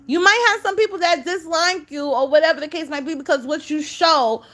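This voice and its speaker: Reaction commentator: high-pitched woman, exasperated and scolding, casual delivery. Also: a little fast, fairly bright tone. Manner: scolding, exasperated, talks straight at the subject.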